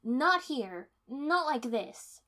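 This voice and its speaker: A woman voicing a furious young female ninja who rasps and snarls, raised and loud. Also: high voice, very animated, drawn-out words, voice pushed up, full character voice. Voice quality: rasping, snarling.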